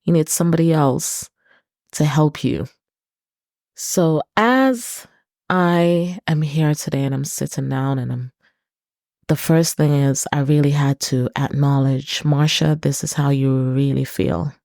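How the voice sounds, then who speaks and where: A woman's voice: deep voice, slow pace, a little mellow, no room sound, clean studio sound. A woman hosting her own podcast, speaking earnestly in a personal, reflective monologue and repeating words for emphasis. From Britain. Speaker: podcast host.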